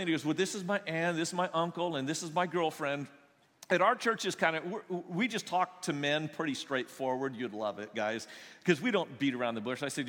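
A man preaching from the stage of a large church, his voice a touch higher than most. He tells stories with comic timing and acts out the voices of the people in them. The sound carries a long reverb from the big room. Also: a little fast. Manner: animated, acts out quoted voices, joking. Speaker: pastor. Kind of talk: sermon storytelling. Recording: long echo of a large hall.

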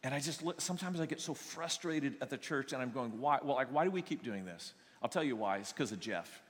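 A man pastor telling stories in a sermon, animated and joking, acting out the people he quotes. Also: mid-range voice, brisk, husky. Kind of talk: sermon storytelling. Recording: long echo of a large hall.

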